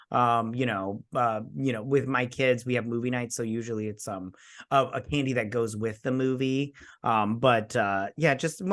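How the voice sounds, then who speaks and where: A man co-hosting a casual movie podcast, laid-back and gushing, quick to laugh. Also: mid-range voice, a bit bright. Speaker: podcast co-host.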